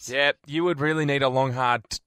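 A man's voice: mid-range voice, steady tone, a little fast, pushed and bright, clear, resonant tone, no echo. A man co-hosting a radio show, teasing his co-host in casual banter. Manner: teasing, jokey.

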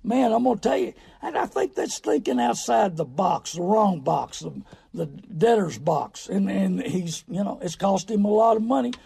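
A middle-aged man, hosting a radio talk show in a folksy, preachy way with sudden loud bursts. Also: sits high, big pitch swings, moderate pace, gravelly, husky. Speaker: radio show host on car buying.

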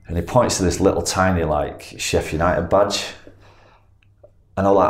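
A man's voice: low voice, moderate pace. A man, a footballer guest, telling an anecdote casually, rambling and self-correcting as he goes. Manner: rambling, self-correcting, animated when retelling. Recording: echoey room, faint background noise.

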